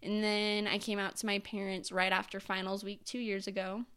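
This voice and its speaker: A woman's voice: mid-range voice, moderate pace, clear, resonant tone. Chatty young woman telling her story. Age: 20s. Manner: chatty, filler-heavy, animated self-quoting. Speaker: podcast guest. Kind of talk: casual storytelling chat.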